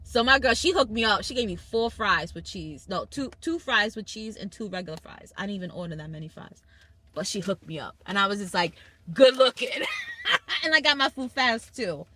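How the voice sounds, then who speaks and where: A woman with a thick New York accent spins a story for her family, acting out each voice and laughing along the way. Her tone is bright and forceful, and her pitch sits mid-range. Faint background noise stays under her voice. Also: brisk. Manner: animated storyteller, laughs often, quotes people in slang. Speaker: podcast host. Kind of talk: casual family chat.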